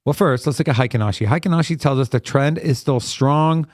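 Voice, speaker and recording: A man hosting a live trading stream talks straight to his viewers in a hyped, chatty way and calls out chart setups as they unfold. His voice sits at an ordinary mid pitch. The sound is dry and close, with no room echo. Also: brisk.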